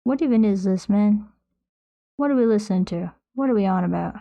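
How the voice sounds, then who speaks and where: A young woman paints on stream and chats casually into a nearby desk mic, rambling, poking fun at herself, and reading her chat aloud as she answers it. Her voice is medium-pitched and dark-toned with vocal fry, and she talks fairly quickly.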